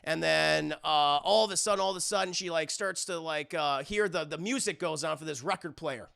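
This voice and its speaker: A young man recapping a movie scene by scene to his live chat, excitable and profane, full of fillers. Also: on the high side, a little fast, vocal fry, clean tone. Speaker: livestreaming film reviewer.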